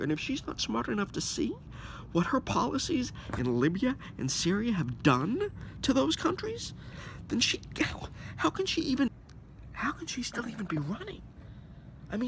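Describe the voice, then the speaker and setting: A man's voice: high voice, a little hiss or hum. Agitated man ranting outdoors. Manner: agitated, sarcastic, rising to near-shouts and dropping to mock whispers. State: losing his voice. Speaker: political commentator. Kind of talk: ranting monologue to camera.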